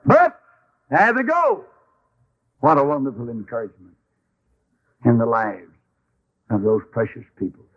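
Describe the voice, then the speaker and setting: Brief: emphatic folksy preacher, husky voice swinging up and down, dull radio sound. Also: male voice, mid-range voice, huge pitch swings, unhurried, pauses often. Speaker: Baptist preacher. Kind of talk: sermon.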